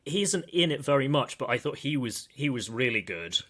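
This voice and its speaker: Talking through a film on his podcast, this host wanders into thoughtful tangents and calls himself a pedant. His medium-pitched voice is sing-song and fairly bright, and he speaks a little fast.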